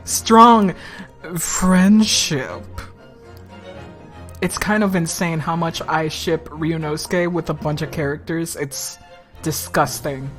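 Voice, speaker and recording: Slow-talking woman gaming streamer, swearing. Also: deep voice, fairly even intonation, faint music behind. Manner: blunt, swears a lot, laughs often, chatty asides. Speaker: let's play streamer. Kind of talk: casual gameplay commentary.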